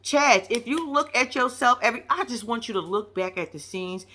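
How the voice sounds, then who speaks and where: This reality TV commentator has a fairly high voice and talks at a normal speed. Her casual recap is blunt, full of profanity, and told with lively, animated storytelling.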